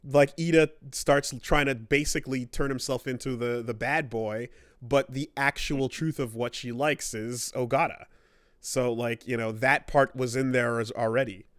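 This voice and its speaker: A man's voice: medium pitch, fairly even intonation, normal speed, no echo, studio quality. A man co-hosting a gaming podcast, talking casually and at length, swearing freely and acting out characters' lines. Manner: rambling, profane, acts out characters' lines. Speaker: podcast co-host.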